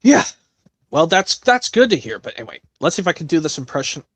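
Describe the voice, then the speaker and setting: A man hosting a casual impressions stream, rambling with restarts and quick bursts of talk. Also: on the high side, sing-song, noisy background. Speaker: stream host doing voice impressions.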